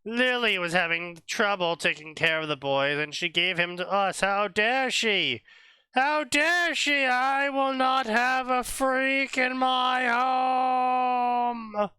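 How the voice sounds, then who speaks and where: A man's voice: animated, unhurried, hardly any pauses, sharp tone, clear, resonant tone, no room sound, exaggerated voice. A man voicing a hateful, brutish middle-aged uncle who screams in outrage. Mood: raging. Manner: screaming in outrage, high and strained.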